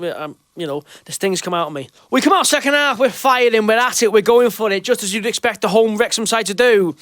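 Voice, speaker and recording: A man hosting a football fan show, recapping a match in an excitable, emotional way that swings between fuming and jubilant. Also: high voice, clear, resonant tone, dry recording, studio quality. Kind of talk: animated solo football recap. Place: home room.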